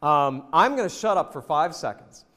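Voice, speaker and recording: A man from the American South giving a jokey, animated leadership presentation and talking straight to the audience in a hotel event hall. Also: a little high, moderate pace. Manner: lively, jokey, addresses the audience directly. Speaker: leadership speaker. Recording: long reverb in a hotel hall.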